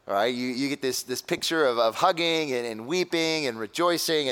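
A man of middle pitch preaching a sermon as a pastor, talking casually and then slowing into dramatic pauses. His voice carries a long reverb, as if he stands in a large church sanctuary. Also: a bit bright, clear, resonant tone.

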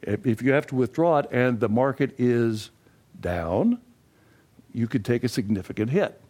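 Older man, folksy classroom instructor, mid-pitched voice, asks the room questions. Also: lively intonation, normal speed, warm tone. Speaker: financial education instructor. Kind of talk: classroom lecture.

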